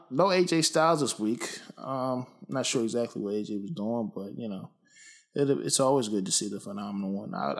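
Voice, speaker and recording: A young man talking casually about wrestling, rambling with lots of ums and flaring up into loud rants. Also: lowish voice. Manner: rambling, many ums, gets heated and loud when ranting. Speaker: wrestling commentary podcaster. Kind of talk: casual opinion monologue.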